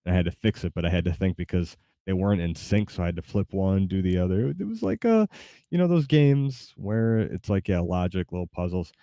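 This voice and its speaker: A man's voice: low voice, lively intonation, a little fast, mellow, no echo, studio quality. A man streaming a game, chatting casually in a rambling, hesitant way with many fillers. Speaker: gaming streamer. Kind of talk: casual live-stream chat. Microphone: desk mic with webcam.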